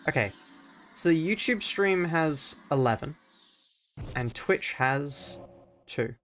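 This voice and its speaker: An Australian man streaming a game live, rambling and mocking himself as he thinks out loud at a home desk mic. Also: a little high. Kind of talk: live let's-play commentary.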